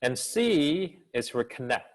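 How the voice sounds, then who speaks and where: A man, a business school professor and communication coach, answering questions in an online seminar over a video call. He has an actor's expressive delivery, with an energetic coaching tone and many rhetorical questions. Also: on the high side, takes it slowly, low-quality recording.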